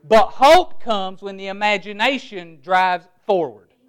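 A man preaching a sermon in a noticeably high voice. He stresses words one by one and poses rhetorical questions, then drops quiet and low to land his key points. He sounds middle-aged. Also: unhurried, clean tone. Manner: emphatic preaching, word-by-word emphasis, rhetorical questions. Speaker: pastor.

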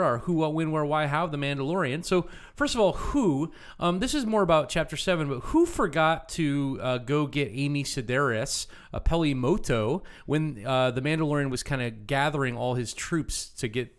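A man's voice: fairly high pitch, smooth. Playful nerdy man co-hosting a podcast. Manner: playful, nerdy, asks quiz-style questions. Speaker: podcast co-host. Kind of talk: casual podcast chat.

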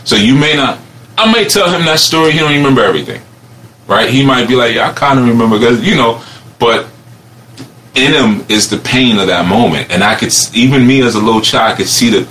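Low-voiced man telling a rambling story. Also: a little hiss or hum. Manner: rambling, animated, laughs often. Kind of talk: reflective personal storytelling.

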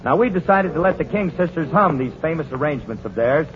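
A man's voice: on the high side, lively intonation. A man hosting a live 1940s radio quiz show, joking and bantering with contestants. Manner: breezy, joking, quick banter. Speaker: quiz show host and bandleader. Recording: dull, hissy 1940s radio broadcast.

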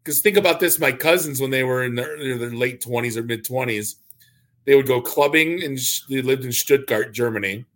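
Male podcast host, mid-pitched voice, quick with jokes and lively anecdotes. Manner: jokey, animated storyteller. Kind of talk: casual chat.

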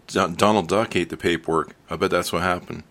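A man with a fairly low voice hosts a podcast interview. He chats casually and tosses in joking asides between his questions. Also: steady tone, brisk, fairly bright tone. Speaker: podcast host.

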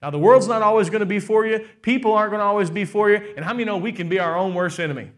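A man's voice: sits high, racing. A pastor preaching a sermon, often asking the congregation "how many know" and stressing his words. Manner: rhetorical, asks the crowd "how many know", emphatic.

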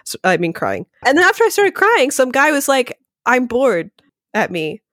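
A woman's voice: high-pitched, dry recording, clean studio sound. A woman guest on a podcast, chatting casually and animatedly, with a lot of "like" between her words. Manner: rapid and animated, heavy use of "like". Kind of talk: casual conversational interview.

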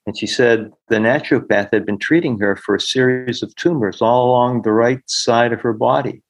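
In a podcast interview, a middle-aged healer earnestly tells stories and acts out the voices of the people he quotes. His voice has medium pitch and a moderate pace, and the audio quality is poor.

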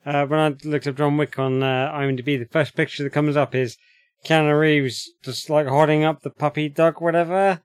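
A man's voice: fairly high pitch, fairly even intonation, normal speed, clean tone, no echo, clean studio sound. A man, a guest in casual movie discussion, reacting emphatically.

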